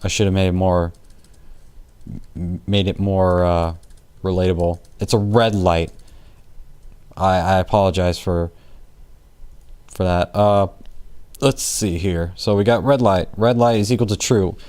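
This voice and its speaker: This casual screen-recorded coding lesson features a male tutor whose low, slightly mellow, clean voice stays fairly even, a little slow, with long pauses. He wanders through the material with fillers, jokes and self-corrections as a keyboard clacks in the background.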